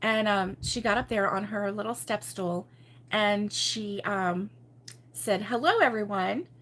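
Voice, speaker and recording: A woman's voice: mid-range voice, flat delivery, slow, a bit bright. A middle-aged woman hosting a crochet channel, telling a story in casual live chat with viewers and laughing often.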